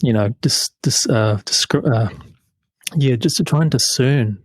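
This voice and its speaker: A man's voice: mid-range voice, unhurried, no room sound. Reflective male host, dry close sound. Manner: reflective, searching for words. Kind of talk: casual chat.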